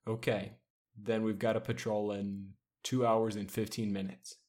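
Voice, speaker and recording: Man reading as a gentle team leader. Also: fairly low pitch, little pitch movement, measured pace, natural voice. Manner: gentle, reassuring. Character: gentle young male team leader, calm and supportive.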